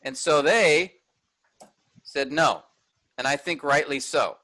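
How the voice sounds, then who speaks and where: Bright, energetic male teacher. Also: a little high, slow pace, poor audio. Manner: energetic, explains step by step with "all right?" checks. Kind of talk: workshop teaching.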